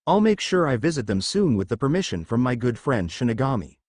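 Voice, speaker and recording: A man narrating a fan fiction story in first person, with expressive delivery. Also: mid-range voice, fairly quick, no room sound, clean studio sound.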